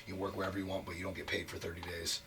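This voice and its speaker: A man's voice: deep voice, completely flat delivery, rapid-fire, pushed and bright, recorded from a distance. A man telling a long career story as an interview guest, frank and profane, packing his talk with "like" fillers. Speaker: wrestler guest. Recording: voice a bit off mic, faint noise.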